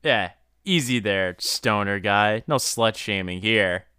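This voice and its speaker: A man's voice: lowish voice, slow, sharp tone, clean tone, dry recording, clean studio sound. A man co-hosting a podcast, chatting casually and reacting with hesitant, filler-heavy remarks. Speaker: podcast co-host. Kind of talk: casual chat.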